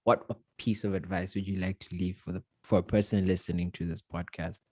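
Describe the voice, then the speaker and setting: A man's voice: low voice, fairly quick, no echo. A man hosting a casual podcast chat, telling stories with lots of slang and laughter. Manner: animated storytelling with slang and laughter. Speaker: podcast host.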